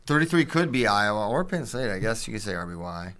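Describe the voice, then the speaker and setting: A man co-hosting a casual sports podcast, reading listener questions and recounting matches with animated detail. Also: fairly low pitch, fast talker. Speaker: podcast co-host.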